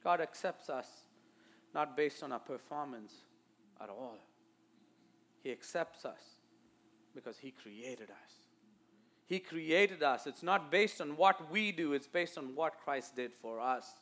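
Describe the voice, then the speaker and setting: A man with an Indian accent preaching a sermon to a church, moving between quiet asides and loud, emphatic declarations. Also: a little high, expressive, takes it slowly, pauses often. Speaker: pastor.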